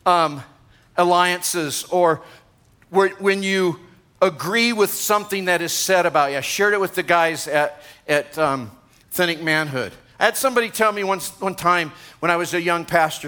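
A man's voice: high-pitched, normal speed, bright, forceful tone, smooth. A man in his sixties, a pastor, preaching a sermon to a congregation in a conversational way, with asides to the room. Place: church gathering.

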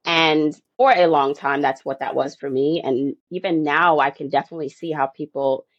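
A woman speaks as a podcast guest, unhurried and reflective, talking through her own experience. Her voice comes through a dull, muffled lo-fi line in a very dry, close-miked setting, with no room sound at all. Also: low voice, fairly even intonation, dry recording. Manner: reflective, warm storytelling with light laughs. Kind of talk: conversational interview answer. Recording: dry, dull lo-fi remote audio.

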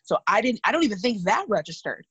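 A woman's voice: mid-range voice, fast talker, slightly rough, no room sound, muffled recording. A woman from California, in her thirties, telling personal stories candidly and animatedly in casual chat. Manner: candid, animated retelling with vivid asides.

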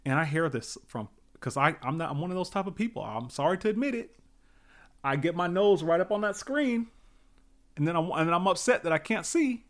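A man's voice: sits high, lively intonation, a little fast. A man giving a casual motivational talk, emphatic and repetitive, with many fillers.

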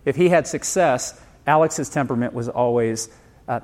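A middle-aged pastor preaches conversationally, putting questions to the congregation and acting out quotes from family stories. His voice is medium-pitched and a little mellow, at a normal speed.

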